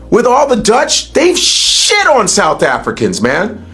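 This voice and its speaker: A man's voice: sits high, huge pitch swings, slow pace, pushed and bright, faint music behind. A man from the United States talking bluntly and profanely in a casual podcast chat.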